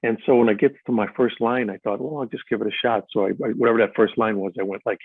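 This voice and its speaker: A husky, breathy-voiced older man rambles through stories in a live interview, restarting his sentences and stacking up fillers. The sound is tinny and phone-like, and dry, with no room echo. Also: medium pitch, expressive, racing, hardly any pauses. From Chicago. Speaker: actor being interviewed. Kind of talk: live stage interview, storytelling.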